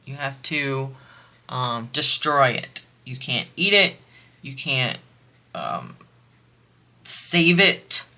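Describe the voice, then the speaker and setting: A woman's voice: extremely low pitch, expressive, drawn-out words, long pauses, pushed and bright. A woman vlogger chatting casually while she crafts, amused and laughing often.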